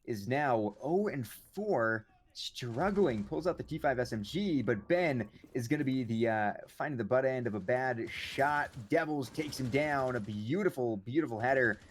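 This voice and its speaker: Male esports caster, excitable play-by-play, jokey banter, medium pitch, faint noise behind. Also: normal speed, hardly any pauses.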